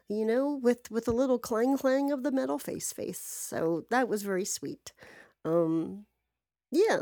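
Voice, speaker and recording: A woman telling a rambling story in a casual monologue, chatty and animated, with sarcastic asides and swearing. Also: on the high side, dry recording, clean studio sound.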